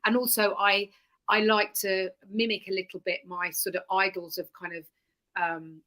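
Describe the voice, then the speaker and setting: Woman, bright tone, animated casual chat, video call. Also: medium pitch, moderate pace. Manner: lively, animated, laughing. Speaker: guest, comic performer.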